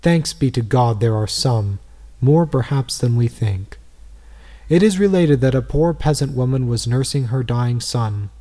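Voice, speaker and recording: A man reads a devotional text aloud in a mellow, warm voice. His delivery is measured and earnest, with pitch in a middle range. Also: expressive. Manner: measured, earnest, rhetorical questions. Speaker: reader.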